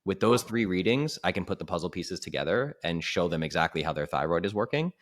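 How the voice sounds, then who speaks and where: This is a man with a notably deep voice, chatting as a guest on a podcast. He coaches people on health and talks in an animated, casual way, full of "like" and sudden acted-out quotes. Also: quick pace.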